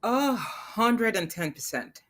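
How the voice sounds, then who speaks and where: A woman's voice: mid-range voice, big pitch swings, takes it slowly, a bit bright. A woman nurse practitioner answering as a guest in a casual interview, giving brief replies and laughing often. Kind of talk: casual live interview chat.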